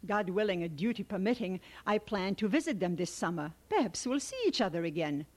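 A woman voicing a middle-aged male army doctor who speaks in a warm, fatherly way to a wounded private. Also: medium pitch, animated, a little fast, close to an everyday voice. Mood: friendly. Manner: warm, paternal.

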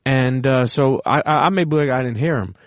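A man hosting a podcast, telling stories in a lively, profane way in casual interview chat. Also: mid-range voice, moderate pace, dry recording, studio quality. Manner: animated, profane storytelling. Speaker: podcast host.

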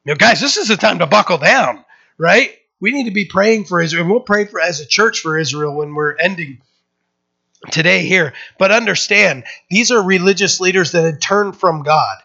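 A pastor preaching a sermon in a conversational, emphatic way, with many fillers and restarts, and breaking into lively quoted voices. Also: male voice, normal speed, gravelly, lo-fi sound. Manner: acts out quoted voices with sudden lifts in pitch.

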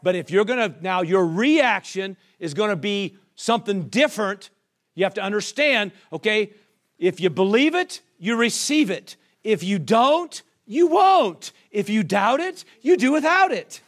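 A man's voice: high-pitched, animated, measured pace. A man preaching a sermon as pastor, firing off rhetorical questions and calling for the congregation's response. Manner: call-and-response preaching, rhetorical questions, acts out quoted voices.

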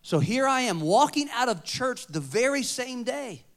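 A man preaching a sermon, moving between loud emphatic points and quiet storytelling. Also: very high-pitched, big pitch swings, moderate pace. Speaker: pastor.

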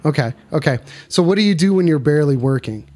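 A man hosting a call-in stream, talking in loud casual banter, cursing and repeating catchphrases. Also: fairly high pitch, animated, quick pace. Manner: hyped, repeats catchphrases, curses, shouts. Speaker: streamer taking calls.

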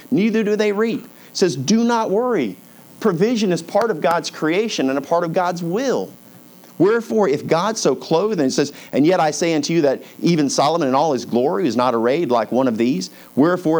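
A man, a pastor, preaching a conversational sermon, reading scripture slowly and dropping softly when he voices God's words. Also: on the high side.

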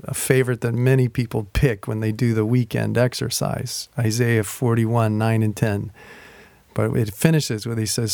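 A man preaching as a pastor, telling a personal story in a slow, reflective way and reading scripture aloud slowly. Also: mid-range voice, flat delivery, gravelly, a little mellow, no room sound. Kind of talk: sermon.

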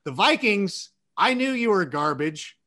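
A man telling stories in casual sports talk, animated and quick to act out quoted voices. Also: sits high. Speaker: sports show guest.

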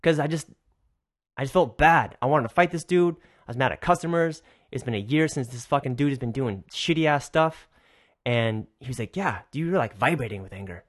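A young man hosting a podcast, telling a story in a loose, animated way and swearing a lot. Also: mid-range voice, moderate pace. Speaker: podcast host. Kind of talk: casual storytelling.

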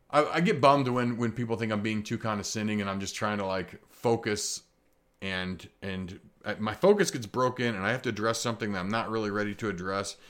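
A man with a somewhat low voice reflects candidly on his own habits. He rambles and restarts, stays self-critical, and swears casually as he goes. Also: fairly bright tone. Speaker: tattoo artist.

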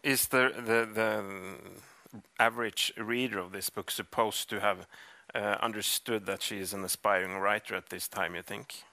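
A man asks hesitant questions from away from the mic. His voice is very low and sounds bright in a dry room. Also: fairly even intonation, normal speed, dry recording.

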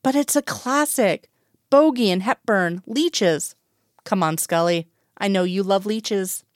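A woman reading the part of a man, teasing and coaxing a coworker, lifting her pitch for him. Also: slow, no echo, studio quality, lightly acted. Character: playful, coaxing man, a work partner.

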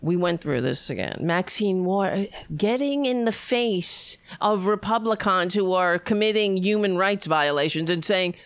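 A woman's voice: mid-range voice, expressive, measured pace, few pauses, no room sound. A woman giving an angry reaction commentary on a political clip, swearing and talking back with sarcastic asides.

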